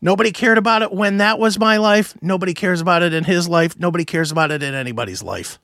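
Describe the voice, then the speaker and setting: Animated high-voiced man telling stories. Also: fast talker, no room sound, studio quality. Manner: animated storyteller, mimics voices, swears a lot. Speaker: podcast co-host. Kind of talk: casual chat.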